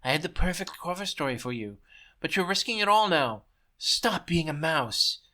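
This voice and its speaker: A man's voice: a little high, big pitch swings, moderate pace, bright, forceful tone. A man voicing a hot-tempered, scheming male propaganda chief in a story he reads aloud, who screeches in rage and hisses orders. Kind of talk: reading his own story aloud.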